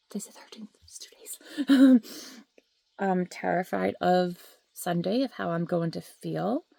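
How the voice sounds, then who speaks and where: A woman speaks candidly to her handheld camera at home, her voice carrying a gravelly fry. She talks in a raw, rambling and emotional way and sometimes drops to a whisper. The sound is close and dry, with no room echo. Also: lowish voice, mellow. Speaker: vlogger sharing her grief. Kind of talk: candid talking-to-camera vlog. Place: at home, indoors. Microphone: handheld camera or phone.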